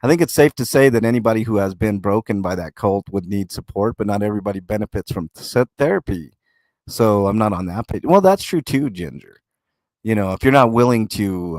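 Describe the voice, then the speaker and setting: A man hosts a casual livestream and reads his chat aloud. His voice sits a little low, and the sound is dry and close to the mic. He rambles in halting bursts with many fillers and restarts, and swears freely. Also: a little mellow, no room sound. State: talking with a mouth full of food. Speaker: livestream host reading chat.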